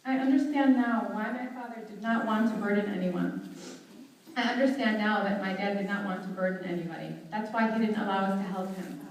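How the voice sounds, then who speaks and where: A young woman delivering a heartfelt, measured eulogy at a memorial service, recorded from a distance in a large hall. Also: mid-range voice, a little hiss or hum. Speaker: daughter giving a eulogy. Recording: very echoey hall, voice from far off.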